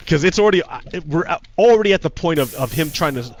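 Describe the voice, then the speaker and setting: A man's voice: a little high, animated, brisk, slight background noise. Heated, profane man streaming. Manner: heated, profane, repeats himself. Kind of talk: casual livestream commentary.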